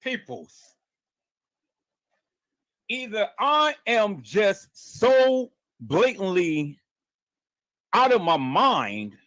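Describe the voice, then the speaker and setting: A man with a high voice hosts a live stream and reads a report aloud, stopping to comment. He talks slowly and dramatically, repeats words and stammers, and keeps calling out to his viewers. The sound is dry and close. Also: very animated, a bit bright, dry recording.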